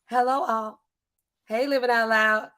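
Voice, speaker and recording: A woman hosting a casual live stream, chatting loosely and reading out viewer comments in animated, slangy speech. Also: fairly high pitch, unhurried, smooth. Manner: chatty, animated, African American Vernacular English (AAVE) style phrasing.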